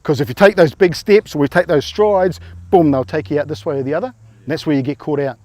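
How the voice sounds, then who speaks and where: A man's voice: fairly high pitch, fast talker, a little mellow, dry recording. A man coaching rugby players through tackle drills, informal and encouraging, often quizzing them.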